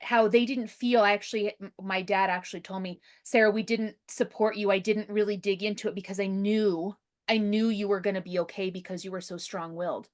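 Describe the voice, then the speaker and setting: A woman's voice: medium pitch, fairly even intonation, brisk. A woman speaking in a casual podcast conversation, earnest and candid, often adding "right?" and "you know".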